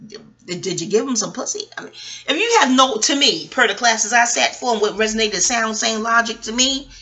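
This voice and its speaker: A woman's voice: fairly high pitch, animated, normal speed, bright, forceful tone. A woman podcast host and astrologer talking in a rambling, digressive chat, swearing freely. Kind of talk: casual chat.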